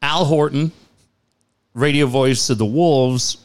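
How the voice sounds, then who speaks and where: A middle-aged man, a radio co-host, retelling an old listener story in casual chat with quick, animated delivery. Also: medium pitch.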